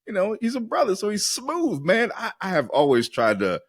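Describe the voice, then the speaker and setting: A man in his forties from Maryland, a counselor guest on a podcast, telling animated personal stories and acting out voices. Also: sits high, normal speed, no room sound, studio quality. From Maryland, USA. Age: 40s. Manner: animated storyteller who acts out quoted voices. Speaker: guest, mental health counselor. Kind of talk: casual podcast interview storytelling.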